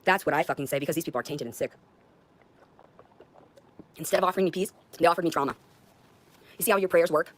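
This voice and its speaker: A woman's voice: low-pitched, quick pace, long pauses. A woman in her thirties from the United States, livestreaming in an agitated, profane and accusatory manner. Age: 30s. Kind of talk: confrontational livestream rant.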